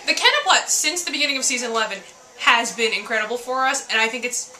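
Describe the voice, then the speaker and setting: A woman hosting a casual fan recap, bubbly and quick to act out characters' lines. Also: a little high, expressive, bright, forceful tone. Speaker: show recap host. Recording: echoey room with faint noise.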